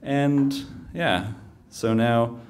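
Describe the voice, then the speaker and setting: A man's voice: mid-range voice, very slow, clear, resonant tone. A man telling a humorous personal story live on stage, in a conversational way with fillers and restarts.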